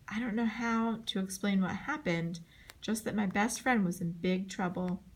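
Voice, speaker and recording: A woman reading a chapter book aloud, in scripted narration, giving the dialogue lively voices and jumping high for the shouts. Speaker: audiobook reader.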